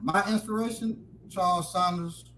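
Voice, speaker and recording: A man's voice: sits high, fairly even intonation, moderate pace, sharp tone, slight background noise, poor audio. A man in casual podcast banter, joking with frequent stumbling restarts.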